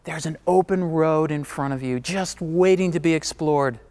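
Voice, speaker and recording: A middle-aged male keynote speaker tells a personal story to an audience. He pushes his points emphatically, then drops low and quiet, in a voice sitting slightly high for a man. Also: moderate pace. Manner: emphatic, swings from driving to hushed.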